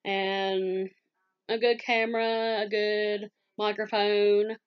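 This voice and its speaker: A woman in her forties from Southwest Virginia with a Southern American accent, chatting quickly and laughing easily as she answers viewer questions in a casual vlog. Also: medium pitch, little pitch movement, smooth, lo-fi sound. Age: 40s. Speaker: YouTube scam-baiter answering viewer questions.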